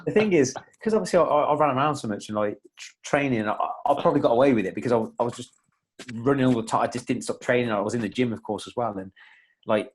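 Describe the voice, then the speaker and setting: A man's voice: mid-range voice, fast talker, slightly rough. A young man, a podcast guest, chatting casually in a rambling way with many restarts and fillers. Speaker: podcast guest, fitness coach.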